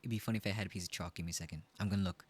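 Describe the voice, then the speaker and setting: A man's voice: sits low, fairly even intonation, rapid-fire, slight background noise. A man in his twenties chatting casually on a live stream, playful and joking at his own expense. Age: 20s. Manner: playful, joking, self-mocking. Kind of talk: casual chat.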